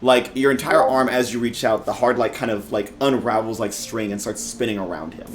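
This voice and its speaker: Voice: medium pitch, a little fast, faint music behind. A game master casually narrating a tabletop role-play game with plenty of fillers.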